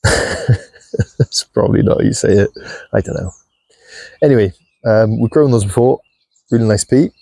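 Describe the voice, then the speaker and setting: A man chatting casually while he shows his farm and garden, relaxed and self-deprecating, with a clip-on mic. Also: fairly low pitch, no room sound. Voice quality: gravelly. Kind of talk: casual walk-and-talk vlog. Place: outdoors on a farm and in a polytunnel. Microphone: clip-on mic on clothing.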